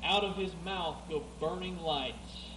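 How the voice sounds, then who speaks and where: High-voiced preacher in an echoey hall. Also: male voice, unhurried. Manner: rising to emphatic, loud scripture reading, then dropping quiet. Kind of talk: sermon. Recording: echoey room with clear background noise.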